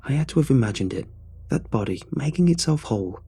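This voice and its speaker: A man reading a horror story aloud as a narrator, in a tense, hushed storytelling manner. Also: medium pitch, expressive, quick pace, slightly rough. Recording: soft music underneath.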